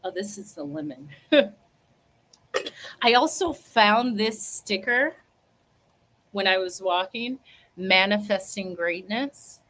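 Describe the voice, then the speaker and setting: A woman hosting a casual livestream, telling a story in an animated, emphatic, sassy way and laughing as she goes. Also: mid-range voice, slow, long pauses. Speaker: livestream host.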